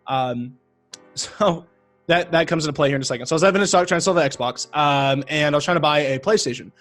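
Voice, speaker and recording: A man, a podcast guest telling a long story in casual talk, rambling and animated with lots of fillers. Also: a little high, fast, faint music behind.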